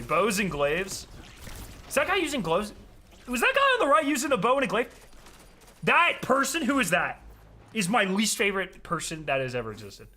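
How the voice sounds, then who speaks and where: A young man giving profane, excitable commentary while playing a game, trash-talking and bursting into yells. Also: high voice, a little hiss or hum. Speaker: gaming video creator. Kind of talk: live gameplay commentary.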